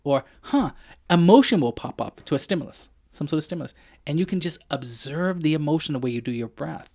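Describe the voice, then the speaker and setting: A man's voice: on the high side, expressive, fairly quick, a little mellow. A man, a physician guest on a podcast, explaining ideas casually and frankly, sometimes swearing. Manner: frank, explanatory, swears when quoting himself.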